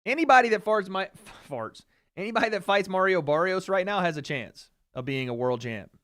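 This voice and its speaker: A man's voice: fairly high pitch, lively intonation, normal speed, clean tone. Slangy laid-back streamer guy. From Tennessee, US. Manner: laid-back and slangy, swearing, gets loud cheering the fight. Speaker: streamer hosting a fight watch party. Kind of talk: casual livestream chat, reading viewer questions.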